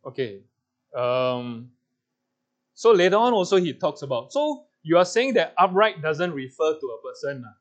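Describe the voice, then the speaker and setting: A man's voice: fairly high pitch, very animated, normal speed. A man with a Singaporean English accent leading a Bible class, playfully coaxing answers from the group and laughing often. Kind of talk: interactive Bible teaching.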